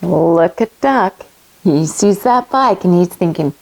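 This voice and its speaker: Animated woman reading aloud to children. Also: fairly low pitch, slow, creaky, low-quality recording. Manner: animated, asks children questions. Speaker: kids' yoga teacher.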